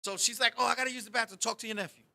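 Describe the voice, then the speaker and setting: A man's voice: extremely high pitch, very fast, creaky. A man hosting a talk show, telling a funny story in a loose, profane way and acting out the people in it. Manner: animated, profane, acts out the people in his story. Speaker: podcast host. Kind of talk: casual storytelling chat.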